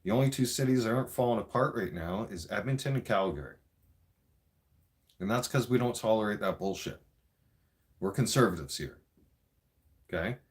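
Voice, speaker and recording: A Canadian man delivering an angry, profane political rant in a vlog. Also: lowish voice. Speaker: vlogger.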